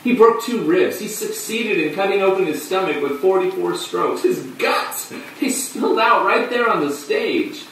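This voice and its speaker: Actor playing a rueful, halting stage storyteller. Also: male voice, medium pitch, sing-song, slight background noise. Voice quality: halting, dark bitter laughs. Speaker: actor in a monologue. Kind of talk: stage monologue on film. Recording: distant echoey room with rain.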